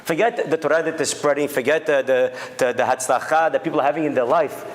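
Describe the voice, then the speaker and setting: A male rabbi guest answering in a soft, heartfelt way. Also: fairly high pitch, fast. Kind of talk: interview answer.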